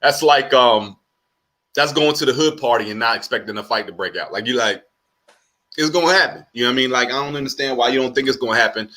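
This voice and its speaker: A man hosting a casual chat with fellow comedians over a video call, lively and restarting his words as he talks. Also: mid-range voice. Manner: lively, repeats words when starting. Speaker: host comedian.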